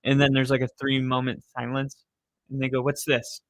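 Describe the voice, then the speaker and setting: A man's voice: mid-range voice, monotone, a little fast, fairly bright tone, dry recording. A young man live streaming, chatting casually with viewers, rambling and swearing as he reads the chat.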